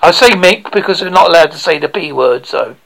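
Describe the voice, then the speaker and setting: A man's voice: on the high side, animated, brisk, a bit bright, rough recording. A man from England with a Devon accent, hosting a radio show and chatting with a guest in a joking, storytelling way. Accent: Devon English. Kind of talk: casual interview chat.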